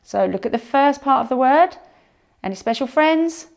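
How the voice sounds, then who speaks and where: A woman teaching a phonics lesson to young children, sounding out words slowly and encouraging them. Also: high voice, lively intonation, creaky. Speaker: primary school teacher.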